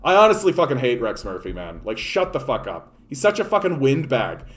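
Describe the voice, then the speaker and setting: A man's voice: mid-range voice, huge pitch swings, fairly quick. A man with a Canadian accent, a political streamer, ranting with heavy profanity and sarcasm and answering a live chat. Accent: Canadian English. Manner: profane, sarcastic, reads articles aloud mockingly.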